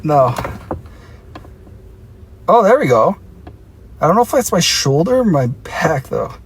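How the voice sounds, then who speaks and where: A man's voice: on the high side, sing-song, a little slow, breathy edge. A young man with an Australian accent, chatting playfully with his viewers on a live stream from his car. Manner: playful, chatty, reads and answers chat. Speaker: livestreamer. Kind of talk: casual live-stream chat.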